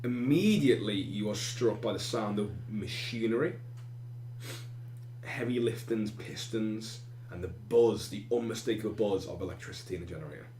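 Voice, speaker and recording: A man running a tabletop game as game master, narrating scenes and briefly acting out shouting side characters. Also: on the low side, moderate pace, roomy sound, slight background noise.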